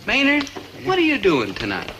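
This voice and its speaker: A man's voice: very high voice, wildly swooping pitch, normal speed, very noisy, full character voice. An actor playing an earnest, lovesick young man who schemes and talks straight to the audience, in a 1960s sitcom with music in the soundtrack. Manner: earnest, speaks to the audience as narrator.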